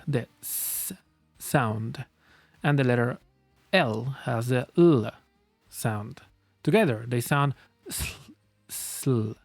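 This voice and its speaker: Slow, patient male phonics teacher. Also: medium pitch, no room sound. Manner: patient, careful, repeats sounds for learners. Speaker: language teacher. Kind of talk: phonics lesson, slow drilled pronunciation. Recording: dry close recording with faint music.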